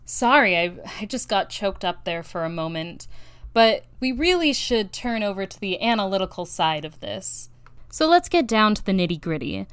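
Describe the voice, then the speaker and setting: A young woman reviewing a show in a sarcastic commentary, sliding into mock gushing excitement. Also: mid-range voice, moderate pace, clean tone, no echo, clean studio sound.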